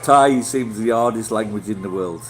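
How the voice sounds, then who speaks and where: A man's voice: lowish voice, moderate pace, soft background music, low-quality recording. Blunt Yorkshire man chatting casually. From Yorkshire, England. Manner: rambling and blunt, swears freely, many restarts. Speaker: vlogger chatting with live viewers. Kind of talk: casual livestream chat.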